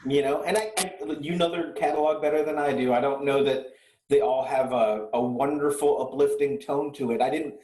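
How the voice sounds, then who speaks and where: A man's voice: mid-range voice, fairly even intonation, fairly quick, darkish tone. Profane ranting man in an echoey room. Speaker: podcast co-host. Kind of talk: casual chat.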